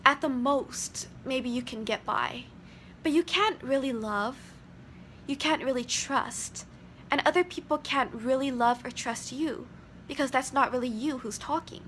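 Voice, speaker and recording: Earnest high-voiced young woman. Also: a little slow, a bit bright, slight background noise. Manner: earnest, explaining, with fillers. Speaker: vlogger. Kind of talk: casual explanatory talk.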